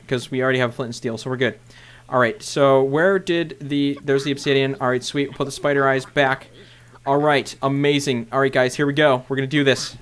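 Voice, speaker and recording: A young man casually narrating his own game play to viewers, chatty and bursting into loud excited shouts. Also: mid-range voice, smooth. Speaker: gaming video host. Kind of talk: casual Minecraft let's play commentary.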